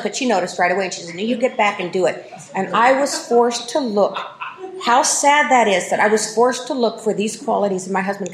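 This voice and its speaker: A woman's voice: mid-range voice, fairly bright tone, reverberant, low-quality recording. A woman giving a candid personal testimony at a recovery meeting, often laughing at herself as she tells it.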